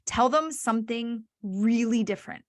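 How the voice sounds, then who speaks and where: Animated woman matchmaker, higher voice. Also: moderate pace, no echo. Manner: animated storyteller who acts out clients' voices. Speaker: matchmaker and dating coach. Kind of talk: online workshop talk.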